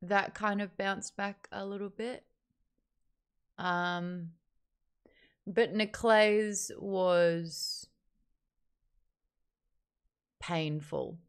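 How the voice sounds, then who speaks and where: A woman's voice: medium pitch, fairly even intonation, extremely slow, long pauses, clean tone. A woman hosting a casual online book chat, reviewing a novel candidly and reading out viewer comments, with wry remarks and frequent laughs.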